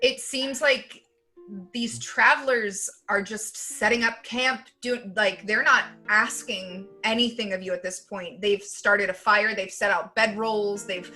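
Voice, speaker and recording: A woman's voice: mid-range voice, fairly even intonation, measured pace, bright, forceful tone, soft background music. A woman narrating as game master of a tabletop game, casual and chatty with fillers.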